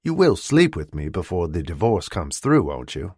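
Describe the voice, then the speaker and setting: A man voicing a playful, low-voiced gentleman. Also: sing-song, normal speed, husky, no echo, studio quality, heavily acted. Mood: tender.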